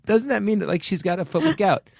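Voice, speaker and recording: A man's voice: quick pace, creaky, a little mellow, no echo. A man hosting a comedy podcast, bantering in an incredulous way and laughing often. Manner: incredulous, laughing, with wide swings in pitch. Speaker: podcast host.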